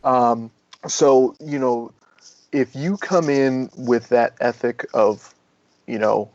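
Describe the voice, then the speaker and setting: A man, a firefighter and former Marine, telling stories in a relaxed, candid podcast chat, swearing casually and acting out quotes. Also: medium pitch, slow pace, lo-fi sound.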